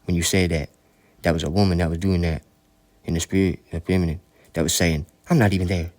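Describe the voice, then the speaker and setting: A man's voice: low-pitched, little pitch movement, brisk, a little mellow. A man delivering a rambling, preachy spoken monologue, full of profanity.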